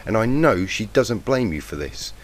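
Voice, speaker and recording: Dude doing a caring unicorn girl, soft and firm, croaky from a cold, hissy cheap mic. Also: fairly low pitch, big pitch swings, normal speed, pitched above the performer's own voice. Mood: soothing firm. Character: kind steady young female unicorn. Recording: noisy lo-fi mic.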